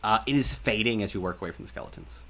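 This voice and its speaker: A man running a tabletop game, laid-back and chatty with plenty of ums. His voice sits fairly low. He narrates and rules as he goes. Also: fast, a bit bright, a little hiss or hum. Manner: casual, rambling, fillers. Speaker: game master.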